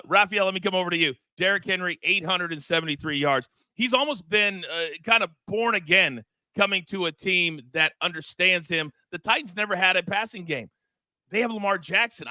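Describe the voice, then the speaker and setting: A middle-aged man hosting a live sports betting show, energetic and joking with his co-hosts. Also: sits high, normal speed, dry recording. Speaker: host.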